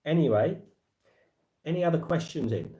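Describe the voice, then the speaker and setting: A man's voice: fairly high pitch, animated, moderate pace, dark tone. A man with an English accent hosting a casual livestream chat, rambling with lots of fillers and restarts. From England. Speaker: livestream host.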